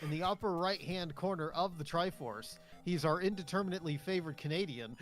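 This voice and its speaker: A man's voice: on the high side, normal speed, hardly any pauses, soft background music. A man hosting a casual stream chat, playfully introducing the other players like an announcer. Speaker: host.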